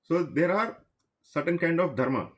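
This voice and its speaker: A man's voice: on the high side, moderate pace, highs cut off. Man, devotional story teacher, conversational, speaks straight to listeners. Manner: conversational, addresses listeners directly.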